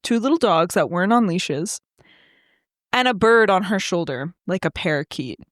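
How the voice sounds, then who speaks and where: A young woman co-hosting a podcast, telling a story in casual chat, animated and swearing freely. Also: on the low side, normal speed, no echo, clean studio sound. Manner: animated, swears freely, acts out quoted voices. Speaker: podcast co-host.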